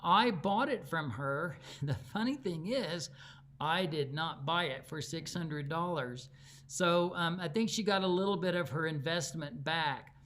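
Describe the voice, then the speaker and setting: High-voiced chatty Texan man teaching. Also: unhurried, fairly bright tone. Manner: chatty, folksy storyteller with easy laughs. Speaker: quilting teacher. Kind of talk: live online quilting lesson.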